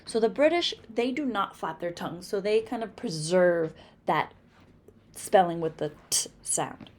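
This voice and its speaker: Slow, deliberate teacher woman from Massachusetts. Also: fairly low pitch, expressive. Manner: slow, deliberate, over-articulating example words. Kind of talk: phonics lesson narration.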